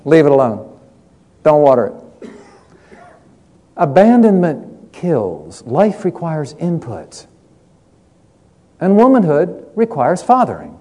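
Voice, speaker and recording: A man's voice: fairly high pitch, huge pitch swings, takes it slowly, pauses often, mellow. A middle-aged man preaching a sermon, telling stories from his counseling in an earnest way, often repeating words as he goes.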